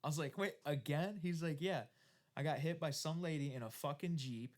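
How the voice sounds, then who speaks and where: A man's voice: on the high side, a little fast, darkish tone. A man co-hosting a podcast in casual chat, laid-back and swearing, laughing along. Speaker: podcast co-host.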